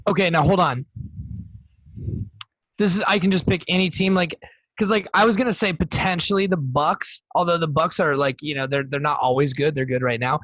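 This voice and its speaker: A man with a fairly high voice chats loosely on a podcast, circling his point and restarting sentences. The sound is dry and close, with no room around it. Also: steady tone, brisk, a bit bright, no echo. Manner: rambling, hesitant, restarts often. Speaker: podcast co-host. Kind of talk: casual chat.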